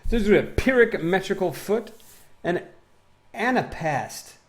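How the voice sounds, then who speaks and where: A man's voice: sits high, animated, measured pace. A man in his twenties chatting casually with his live-stream audience while gaming, rambling, reading chat aloud and breaking into silly sing-song bits. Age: 20s.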